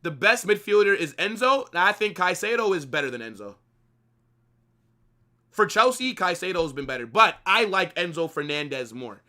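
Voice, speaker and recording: A young man talks football on a live watch-along stream. His voice sits a little high and rings bright. He is animated and opinionated, peppers his talk with slang and casual swearing, and argues his points in a loose, conversational way. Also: moderate pace.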